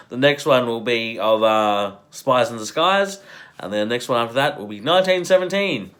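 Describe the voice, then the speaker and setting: A man's voice: mid-range voice, expressive, moderate pace, fairly bright tone. A man giving a casual spoken movie review, rambling with many fillers and restarts, swearing freely and laughing often.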